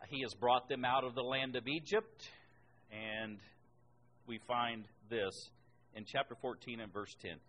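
A man preaching a sermon and reading scripture aloud, rising sharply in pitch and volume on the words he stresses. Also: unhurried, fairly bright tone, a little hiss or hum, rough recording. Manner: emphatic, rises in pitch and volume on key words.

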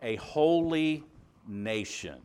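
A man with a Southern US accent preaching a sermon, stressing key words by rising, dropping and slowing down. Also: mid-range voice, expressive, a little mellow, clean tone. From Alabama, US. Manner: emphatic, rises and drops for stress, slows on key words.

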